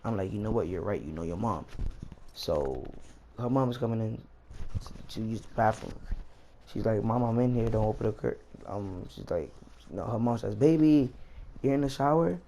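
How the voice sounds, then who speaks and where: Young guy rambling thru a storytime while gaming, kinda low voice, slangy, repeats himself, faint noise behind. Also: lively intonation, moderate pace, vocal fry, mellow. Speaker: vlogger.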